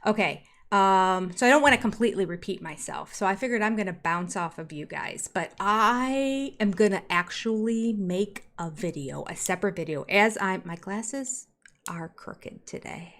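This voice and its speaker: An older woman in her sixties hosting a relaxed live stream from home, reading out viewers' comments one by one. She talks in a chatty, easygoing way, with small laughs between comments, and her voice sits at an average pitch for a woman. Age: 60s. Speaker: YouTube host reading live chat. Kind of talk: casual live-stream chat.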